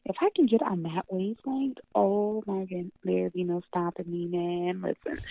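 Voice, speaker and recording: A woman comic book writer chatting as an interview guest, animated and swearing freely, laughing often, heard over a tinny phone line. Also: medium pitch, moderate pace, gravelly, few pauses, no room sound. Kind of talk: casual interview chat.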